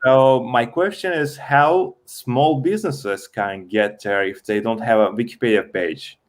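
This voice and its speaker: A man hosting a casual live-stream interview, speaking in a halting way with fillers. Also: medium pitch. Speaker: host.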